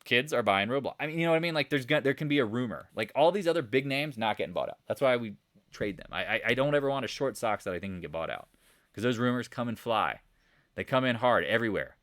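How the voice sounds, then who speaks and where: A man giving a casual, joking stock market recap over charts, animated and rambling, with sound effects. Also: medium pitch, fast talker, no room sound, clean studio sound. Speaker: market commentator.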